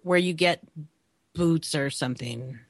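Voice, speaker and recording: A woman's voice: deep voice, unhurried, no echo. A woman co-hosting a gaming podcast, playful and often laughing as she rambles through casual banter. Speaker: podcast co-host.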